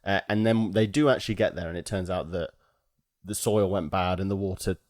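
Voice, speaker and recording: A man's voice: deep voice, brisk, dry recording, clean studio sound. A man co-hosting a casual film review podcast, telling scenes with acted-out quotes and frequent laughter. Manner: animated storytelling, acts out quotes, laughs often. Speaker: podcast co-host.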